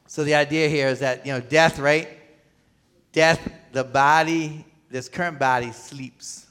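A man's voice: a little high, fairly even intonation, unhurried, a bit bright, clean tone. Male pastor preaching in a reverberant hall. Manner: asks the congregation questions and waits for answers; repeats words and restarts. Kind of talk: sermon. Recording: long reverb of a large hall.

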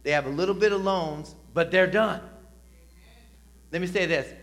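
A middle-aged man preaching in a church, his voice sitting a little above the usual male pitch. He talks to the room in a relaxed, conversational way, pushing key words up with emphasis and tossing in quick "right?" checks. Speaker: pastor. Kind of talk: sermon. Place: church sanctuary.

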